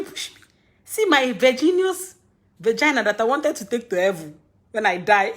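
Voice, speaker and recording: A young woman with a Nigerian accent talks casually to her live-stream viewers. Her voice sits high, and she rambles from point to point. She laughs often and breaks off to scold her audience. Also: big pitch swings, normal speed.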